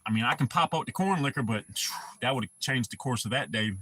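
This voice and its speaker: A man's voice: mid-range voice, lively intonation, fairly quick, sharp tone, slight background noise. A man chatting casually on his livestream, telling rambling, profane stories. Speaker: livestream host.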